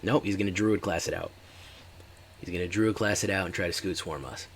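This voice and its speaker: A man's voice: low-pitched, fairly quick, slight background noise. A man giving casual, chatty commentary while streaming a card game and talking to his live chat.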